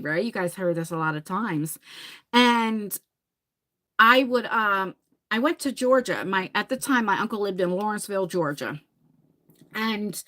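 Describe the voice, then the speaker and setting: A livestream host in her forties with a New Jersey accent chats casually and ramblingly with her viewers, laughing and swearing now and then. Her voice is mid-range with a fairly bright tone.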